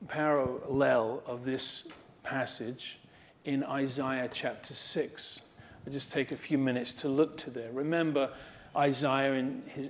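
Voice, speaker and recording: A man preaching a sermon as pastor, emphatic, building to fervent exhortation and repeating phrases in rhythmic lists. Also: medium pitch.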